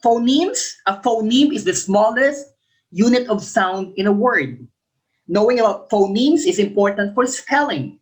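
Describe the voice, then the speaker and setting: A woman's voice: medium pitch, rough recording. Female teacher, exam review lesson; reads options, explains, repeats answers, demonstrates intonation. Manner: models example sentences with exaggerated intonation.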